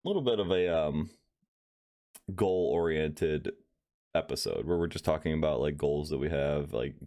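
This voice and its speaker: Man, very low voice, easygoing, laughs a lot, casual podcast chat. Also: moderate pace, warm tone. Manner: easygoing, laughs often, trails off mid-sentence. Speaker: podcast co-host, aspiring voice actor.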